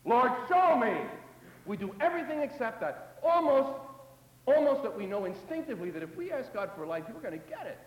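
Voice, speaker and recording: A man preaching a sermon in a high, lively voice that rises to loud emphasis and drops to hushed asides. He acts out the voices of doubters and psalm prayers. The sound carries the long echo of a large hall. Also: quick pace, hardly any pauses.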